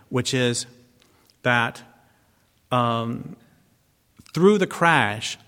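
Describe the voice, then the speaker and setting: A man giving an impassioned public talk, blunt and sardonic, swearing freely and slowing down to stress key words. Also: mid-range voice, a bit bright. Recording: long reverb of a large hall.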